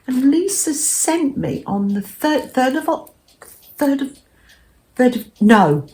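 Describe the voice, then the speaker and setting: An older English woman hosting a cozy craft vlog, talking in a gentle, rambling way that often drops to a soft murmur. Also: fairly high pitch, a little hiss or hum. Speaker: craft vlogger.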